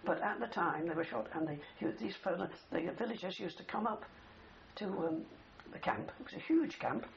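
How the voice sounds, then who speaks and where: Gravelly older man reminiscing. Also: high voice, normal speed. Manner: rambling storyteller with many "you see" tags. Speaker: interviewee, war veteran. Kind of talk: oral history reminiscence. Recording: dull older recording with faint hiss.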